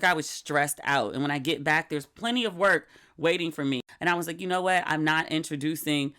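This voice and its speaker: A woman's voice: deep voice, clean tone. Middle-aged woman, podcast host, casual solo chat, frank and chatty, mimics friends when quoting them. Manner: chatty, candid, acts out quoted friends in animated voices.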